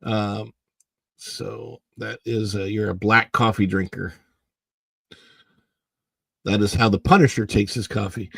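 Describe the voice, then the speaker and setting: Gravelly man, hoarse morning voice. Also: fairly low pitch, a little slow, pauses often, a bit bright, no room sound. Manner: rambling, chatty, greets viewers by name. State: morning throat, clearing it often. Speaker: livestream host. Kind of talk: casual livestream chat reading viewer comments.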